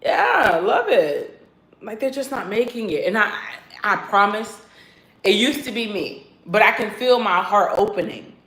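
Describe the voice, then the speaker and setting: A woman talking casually to her viewers in a sassy, animated vlog style, laughing and swearing freely. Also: mid-range voice, unhurried, roomy sound, rough recording. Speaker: vlogger. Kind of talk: casual self-talk vlog.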